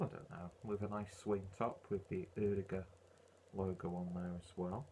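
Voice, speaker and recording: A man's voice: sits low, level tone, normal speed, a little mellow, slight background noise. A man reviewing a beer in a casual, rambling way, full of ums and uhs.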